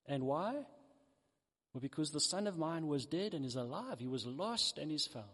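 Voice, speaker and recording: High-voiced preacher in a reverberant hall. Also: male voice, normal speed. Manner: animated storytelling, acts out the characters. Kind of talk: sermon.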